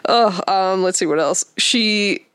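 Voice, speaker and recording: A woman hosting a casual book discussion, talking in an animated way and laughing often. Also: medium pitch, slow pace, smooth, dry recording, clean studio sound. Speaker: podcast host.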